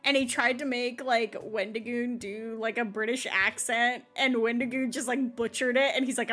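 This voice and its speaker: A young woman streaming live, chatting casually and excitably between bursts of laughter. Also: a little high, normal speed, few pauses, faint music behind.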